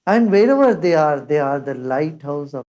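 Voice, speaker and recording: An older woman giving a measured spiritual discourse as a teacher, reciting scripture verses along the way. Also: deep voice, lively intonation, warm tone.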